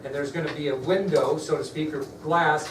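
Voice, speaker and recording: A man gives a history lesson to his class, slightly high in pitch, telling the story casually and stopping to quiz his students. He sounds distant from the mic in a roomy, echoing classroom with a faint hiss behind him. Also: fairly even intonation, a little fast. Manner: conversational storytelling, asks the class questions. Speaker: history teacher. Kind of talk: classroom lecture. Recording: echoey room, mic far off, faint background noise.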